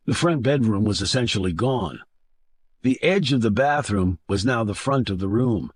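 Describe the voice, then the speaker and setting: A man reading a thriller novel aloud as an audiobook narrator, with a steady, measured delivery into a close studio mic. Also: lowish voice, dry recording. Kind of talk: scripted narration.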